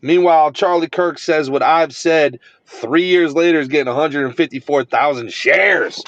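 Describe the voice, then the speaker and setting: Fired-up high-voiced man ranting. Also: big pitch swings, normal speed, a bit bright, no echo, dull audio. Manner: fired-up, sarcastic, self-mocking. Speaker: social media commentator. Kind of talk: ranting to camera.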